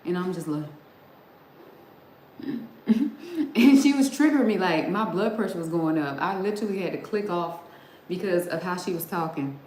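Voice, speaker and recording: A woman's voice: fairly low pitch, animated, moderate pace, long pauses, a little mellow. A middle-aged woman hosting a livestream, chatting casually and straight to her viewers, laughing often as she talks. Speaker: livestream host. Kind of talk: casual chat with live viewers. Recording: roomy sound with faint background noise.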